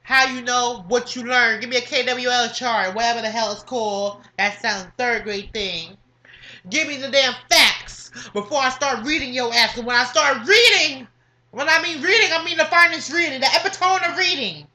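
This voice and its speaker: A woman's voice: a little high, normal speed, pushed and bright. A woman vlogger delivering a sassy, profane comedic rant to the camera, swearing often and hammering her points with repeated questions.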